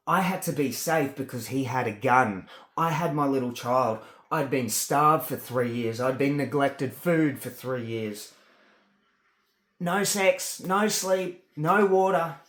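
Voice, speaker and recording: An Australian man in a rambling, agitated personal rant, full of swearing, with halting speech that gets stuck on words. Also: mid-range voice, fairly bright tone, echoey room. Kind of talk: ranting personal monologue.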